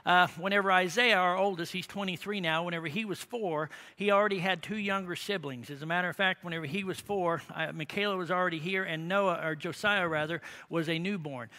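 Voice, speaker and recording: Folksy middle-aged preacher, high and bright. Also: male voice, fairly quick, hardly any pauses. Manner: folksy, rambling, frequent asides and tag questions. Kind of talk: sermon storytelling.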